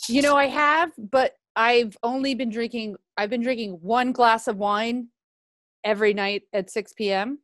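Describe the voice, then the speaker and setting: A woman's voice: a little high, steady tone, unhurried, fairly bright tone. A woman comedian co-hosting a casual chat, trading dry, playful banter over a video call. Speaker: comedian co-host.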